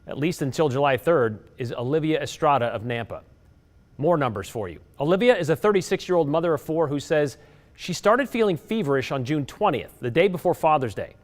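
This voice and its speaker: A man working as a TV news reporter, presenting figures and asking interview questions in a measured, clear delivery. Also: on the high side.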